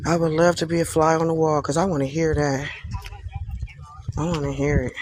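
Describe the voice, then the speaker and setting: A man's voice: on the high side, level tone, moderate pace, long pauses, background noise. A man on a live stream, sarcastically repeating himself in an exasperated rant at someone who accused him.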